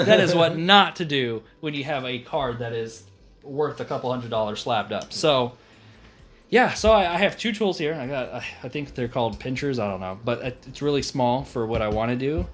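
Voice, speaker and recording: A young man hosting a casual card-collecting video, joking and talking through what he does. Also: mid-range voice. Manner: animated, joking, self-narrating. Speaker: host. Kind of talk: casual hobby vlog.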